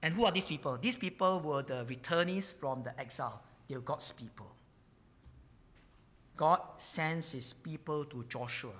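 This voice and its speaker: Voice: medium pitch, moderate pace, fairly bright tone, in a large hall. A pastor preaching a sermon, emphatic and repetitive, stumbling over words with frequent fillers. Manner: emphatic, repeats key words.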